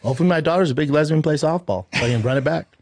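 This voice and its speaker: A man in a played podcast clip telling a rambling, relaxed story about coaching his young sons. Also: on the high side, racing, no room sound. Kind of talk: casual storytelling.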